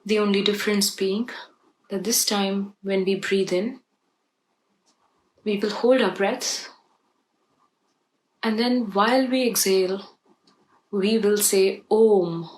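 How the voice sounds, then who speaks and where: A woman leading a guided meditation, speaking softly and gently as she guides the breathing. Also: mid-range voice, steady tone, low-quality recording. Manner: slow, soft and gentle, guiding breathing.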